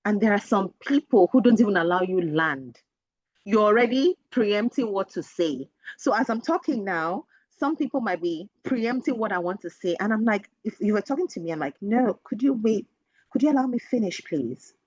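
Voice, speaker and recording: A woman's voice: mid-range voice, lively intonation, normal speed, no room sound. A woman with a Nigerian accent, an educator giving a webinar talk in an earnest, emphatic and direct teacherly way. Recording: dull lo-fi dry sound.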